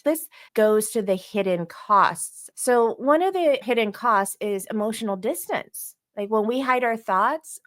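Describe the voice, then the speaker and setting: A woman co-hosting a podcast, explaining relationship ideas in a thoughtful, conversational way with light laughs. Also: on the high side. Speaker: podcast co-host.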